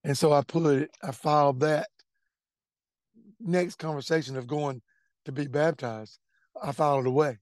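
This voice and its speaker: Guy telling his testimony, earnest, bit high voice, dry close sound. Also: steady tone, moderate pace, pauses often, darkish tone, dry recording. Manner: earnest, repeats words when emotional. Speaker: testimony speaker. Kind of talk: personal testimony storytelling.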